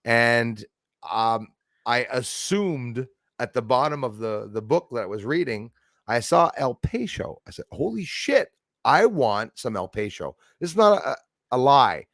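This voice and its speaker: A man whose first language is French, hosting a casual chat and telling animated stories with mimicked accents. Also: mid-range voice, unhurried, no echo. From Canada. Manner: animated storyteller, mimics accents, laughs often. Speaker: channel host.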